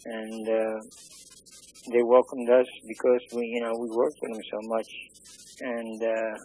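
An older man recounting his army service in an interview, halting and full of restarts and fillers. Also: mid-range voice, flat delivery, darkish tone, faint music behind, rough recording. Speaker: veteran interviewee. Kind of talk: oral history interview.

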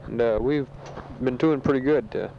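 A man who is a soldier, recording a casual spoken letter home from a sandbag bunker, talking matter-of-factly with a halting delivery full of fillers, on a dull home tape recording. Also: mid-range voice, gravelly, slight background noise. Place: sandbag bunker in a war zone.

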